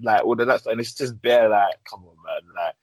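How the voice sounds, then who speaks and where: A man's voice: lowish voice, fairly quick, darkish tone, dry recording, low-quality recording. A young man, telling stories in slang in a casual podcast chat. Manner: slangy, storytelling. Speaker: podcast co-host.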